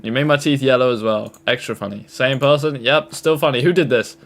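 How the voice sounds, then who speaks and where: A man's voice: medium pitch, brisk, a bit bright. A man reacting to fan-made clips in casual commentary, joking, exasperated and crude.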